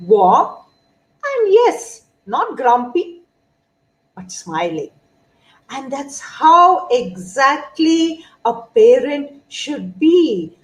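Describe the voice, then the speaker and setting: A middle-aged woman speaks as a pediatrician advising parents. Her voice sits a little high and moves a great deal in pitch, rising and falling expressively. She takes her time, laying out each point slowly and deliberately. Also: a little mellow, poor audio. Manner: measured, explanatory, lists points one by one. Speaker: pediatrician giving parenting advice. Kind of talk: informative talk to parents.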